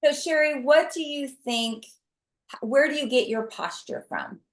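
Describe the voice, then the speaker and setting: A woman's voice: sits high, unhurried, echoey room. A woman leading a team training call, enthusiastically breaking down a sales story step by step. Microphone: video call.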